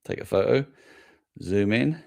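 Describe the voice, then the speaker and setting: Brief: middle-aged English male host, low voice, casual rambling live chat, self-amused. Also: lively intonation, measured pace, gravelly, a little mellow. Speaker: toy podcast host.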